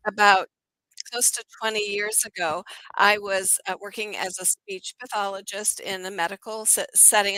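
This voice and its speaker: A woman's voice: mid-range voice, no room sound, poor audio. A middle-aged woman, an accent coach, telling a story as an interview guest and acting out the dialogue with animation. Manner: animated, acts out quoted dialogue.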